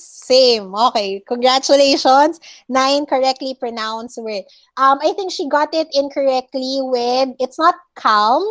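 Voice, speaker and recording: A Filipino woman teaching an online class, correcting her students' pronunciation word by word and repeating each correct form. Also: high voice. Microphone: video call.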